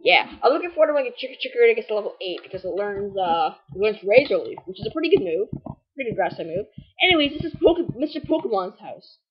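A woman's voice: medium pitch, sing-song, fast talker, slight background noise. A woman giving casual, rambling and playfully snarky commentary while playing a video game. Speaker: gamer recording a walkthrough. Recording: dull lo-fi recording.

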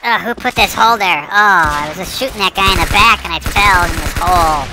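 A woman's voice: lowish voice, a little fast, background noise. A woman giving casual commentary while she plays a shooter game, chatty and poking fun at herself as she talks to her viewers. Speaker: gamer. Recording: game music playing behind. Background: music and gunfire.

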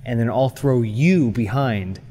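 A man's voice: medium pitch, a little slow, mellow, long reverb tail, soft background music. A man playing a tabletop game, laying out a scheming plan with amusement. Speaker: player. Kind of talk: tabletop role-play.

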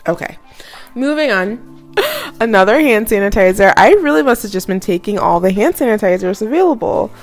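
A young woman in her twenties chatting casually in a vlog, full of fillers and quick laughs. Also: mid-range voice, animated, faint music behind. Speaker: student vlogger.

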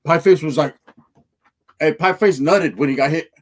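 This man hosts a livestream, reacting to a film and reading chat in loose street slang with Spanish mixed in. He talks at a normal speed in a somewhat high voice with a breathy edge.

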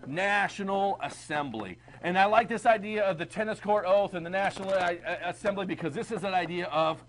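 A man teaching a history class, chatty and animated, asking the class questions. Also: high voice, fairly quick, a little hiss or hum. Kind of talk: classroom lecture.

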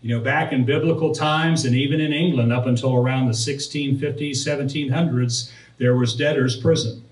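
A pastor preaching, telling a personal story and then reading and explaining scripture verses. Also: male voice, medium pitch, fairly even intonation, moderate pace. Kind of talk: sermon. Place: church sanctuary. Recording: roomy, distant from the mic.

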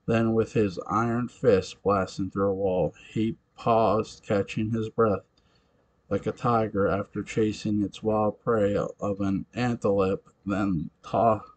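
A man narrating an amateur audiobook in a halting, deliberate reading with occasional restarts. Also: fairly low pitch, breathy edge, poor audio.

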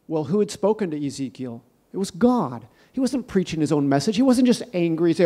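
A man preaching a sermon, emphatic and repetitive, building to shouted declarations. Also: sits high, very animated, a little fast.

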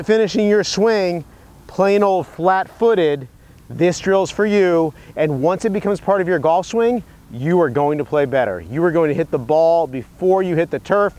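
Brief: male golf instructor, fairly high voice, earnest and chatty, filmed outdoors. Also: lively intonation, measured pace, a little mellow. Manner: earnest, storytelling, some restarts. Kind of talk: instructional video. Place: outdoor golf practice area.

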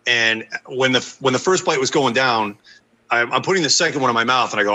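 Easygoing man with a bright voice. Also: medium pitch, brisk, low-quality recording. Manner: easygoing, explains step by step. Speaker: podcast co-host. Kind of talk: casual podcast chat.

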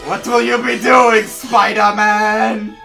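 A man putting on the voice of a gloating male goblin villain, taunting his foe in theatrical, drawn-out lines during a game. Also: sits high, flat delivery, gravelly, sharp tone, far from the mic, soft background music, full character voice. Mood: sneering. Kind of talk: playful in-game villain role-play.

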